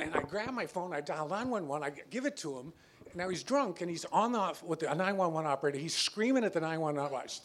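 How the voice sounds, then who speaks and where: A man telling a true story on a stage before a live audience, halting and stammering as he acts out the quotes. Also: on the high side.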